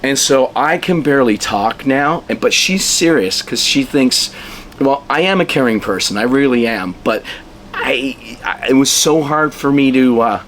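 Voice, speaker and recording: Man, musician, casual storytelling, animated, mid-pitched voice, faint background ambience. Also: unhurried, slight background noise. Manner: animated storyteller, acts out dialogue, chuckles while telling. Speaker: local musician being interviewed. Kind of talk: casual anecdote telling.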